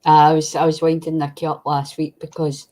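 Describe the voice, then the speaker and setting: A woman's voice: low-pitched, flat delivery, normal speed, warm tone, slight background noise. A woman chatting casually on a craft stream over a video call, laughing often. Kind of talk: casual chat.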